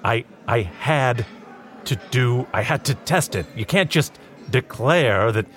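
A man voicing a scheming rail company boss who talks in a slow, pompous way. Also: mid-range voice, lively intonation, a bit bright. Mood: persuasive.

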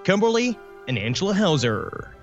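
Podcast co-host guy reading names, giggly and crude, pretty lively pitch, little music in the back. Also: normal speed, muffled recording. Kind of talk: reading supporter names with banter.

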